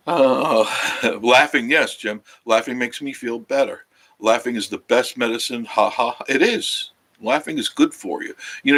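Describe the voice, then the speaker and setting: A man's voice: medium pitch, fairly bright tone. A tired man chats casually with his audience from a cabin couch. He rambles, loses his train of thought and circles back, in an easygoing, friendly travel-vlog way. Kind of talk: casual live-stream chat with viewers. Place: cabin living room, sitting on a couch.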